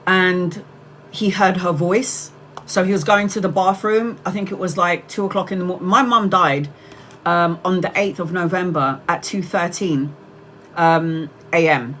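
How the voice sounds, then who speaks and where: A woman's voice: on the low side, steady tone, a little slow, a bit bright, slight background noise, low-quality recording. A middle-aged woman hosting a tarot livestream, telling a story to her viewers in a candid, chatty way and swearing casually. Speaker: tarot reader livestream host.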